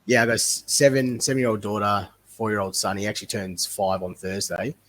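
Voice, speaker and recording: A man's voice: fairly low pitch, brisk, a little hiss or hum. A man, a wrestler talking casually as a podcast guest, rambling and laughing easily. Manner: relaxed, rambling, laughs often.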